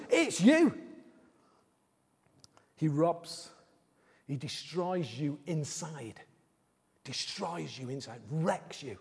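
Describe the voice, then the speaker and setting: A man preaches a sermon in a high, husky voice, repeating his phrases and swinging between loud, quick bursts and quiet, slow lines. The sound has the long reverb of a large hall. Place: church service in a large hall.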